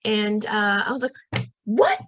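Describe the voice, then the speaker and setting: A young woman guest on a podcast, telling a personal story in a lively, casual way and acting out what people said. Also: moderate pace, slight background noise. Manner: lively, acts out quoted voices in a higher pitch; frequent fillers and restarts.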